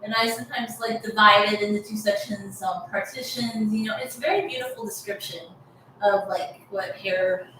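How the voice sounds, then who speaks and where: A woman's voice: medium pitch, fairly even intonation, normal speed, bright, forceful tone, slight background noise. A woman with a Californian accent talking frankly and rambling, with many "like"s, in a casual vlog about her long hair. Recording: echoey room, mic at a distance.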